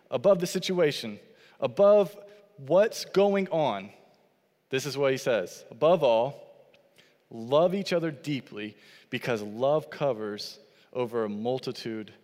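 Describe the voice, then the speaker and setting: A man's voice: medium pitch, darkish tone, in a large hall. A man preaching a sermon as pastor, earnest and repetitive, quoting scripture and building phrase on phrase.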